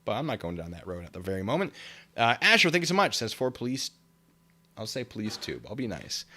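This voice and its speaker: Reading the chat aloud on his laid-back livestream, this host speaks in a mid-range, sharp-toned voice, laughing often and using lots of filler words.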